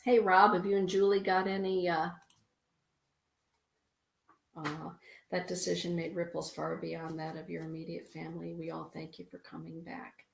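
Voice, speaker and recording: A woman's voice: fairly low pitch, steady tone, normal speed, gravelly, reverberant. A woman hosting a spiritual radio show, chatting with listeners and reading oracle cards aloud to them. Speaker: radio show host and card reader.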